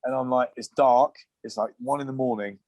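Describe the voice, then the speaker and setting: A man from England, a podcast guest, telling loose, rowdy anecdotes at an average pitch. He swears freely and chuckles his way through the tales. The recording is dry and close, with no room sound. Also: steady tone, brisk, darkish tone, dry recording. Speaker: podcast guest, former rugby player. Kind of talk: casual anecdotal storytelling.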